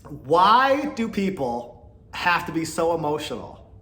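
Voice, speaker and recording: A man's voice: a little high, very animated, slow, a bit bright, reverberant. A man hosting a podcast, giving blunt, exasperated commentary and laughing often. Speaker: podcast host. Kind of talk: casual opinion commentary.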